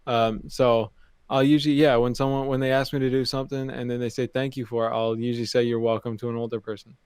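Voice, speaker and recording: A man's voice: medium pitch, little pitch movement, quick pace, a little mellow, smooth, no echo. A young man from Canada co-hosting a podcast, chatting casually and telling rambling stories with restarts. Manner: easygoing, rambling storytelling with restarts. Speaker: podcast co-host. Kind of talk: casual chat.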